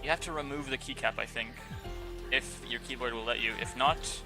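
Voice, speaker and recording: A man's voice: mid-range voice, fairly quick, over music. A young man streaming from his room, chatting casually with his viewers, swearing offhand and talking to his pet. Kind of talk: casual live-stream chat. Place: home room. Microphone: desk microphone with noise gate.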